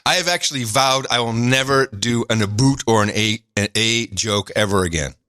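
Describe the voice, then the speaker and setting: A man's voice: medium pitch, pushed and bright, no echo, studio quality. A man co-hosting a podcast, chatting casually and irreverently, often laughing and joking about news clips. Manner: laughing, irreverent, quick to joke. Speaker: podcast co-host. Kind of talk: casual chat.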